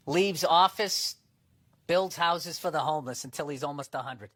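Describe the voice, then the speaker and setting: A man's voice: fairly high pitch, normal speed, fairly bright tone. A man talking in casual chat, rambling into sarcastic, profane rants.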